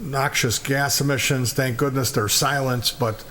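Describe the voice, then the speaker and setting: A man's voice: mid-range voice, fairly even intonation, bright, forceful tone, slight background noise. A man playing an embarrassed elderly man who hesitates and fills with "uh". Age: older. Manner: halting, with many uh fillers.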